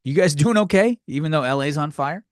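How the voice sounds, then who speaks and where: A man's voice: on the high side, lively intonation, brisk, no echo, studio quality. A man hosting a solo comedy podcast, rambling from thought to thought and poking fun at himself. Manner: rambling, scattered, self-mocking. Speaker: podcast host.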